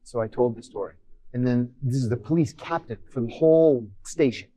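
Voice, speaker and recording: A man's voice: medium pitch, fairly quick. A middle-aged man, a former intelligence officer, telling a personal story casually in a podcast interview and acting out the voices of others. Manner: animated anecdote, voices others in quotes.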